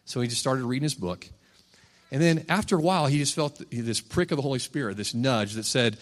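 Conversational preacher in an echoing hall. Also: male voice, medium pitch, normal speed, pauses often. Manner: conversational, animated when voicing characters in stories. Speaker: campus ministry preacher. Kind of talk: sermon with storytelling and scripture reading.

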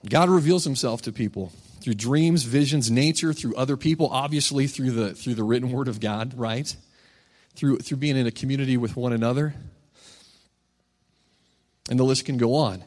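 At a normal pace and medium pitch, a man preaches a sermon in a large hall, working as a campus ministry preacher. He reads scripture and tells stories conversationally, turning lively when giving voice to the people in them.

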